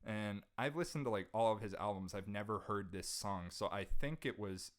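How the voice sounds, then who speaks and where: A man's voice: on the low side, normal speed. Earnest young man retelling a story. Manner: earnest, emotional retelling with frequent restarts. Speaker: podcast guest, jazz saxophonist. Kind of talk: casual storytelling in conversation.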